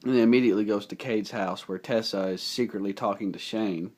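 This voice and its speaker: A man's voice: fairly low pitch, steady tone, fairly quick, darkish tone. A young man giving a casual, rambling movie recap, enthusiastic and full of fillers. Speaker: movie reviewer.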